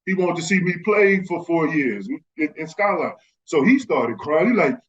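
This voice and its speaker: A man in his fifties spins stories in a relaxed chat, his voice sitting a little high. The audio is slightly muffled and dull. He slips into the voices of the people he quotes. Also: moderate pace. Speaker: guest, former pro basketball player. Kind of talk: casual storytelling.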